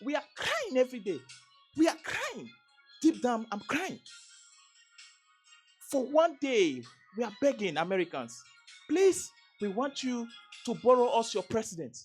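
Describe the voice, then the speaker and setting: Impassioned, Nigerian accent, woman, high-pitched, repetitive, stammering restarts. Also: very animated, measured pace, long pauses, darkish tone, soft background music. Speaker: vlogger. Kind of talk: impassioned political commentary.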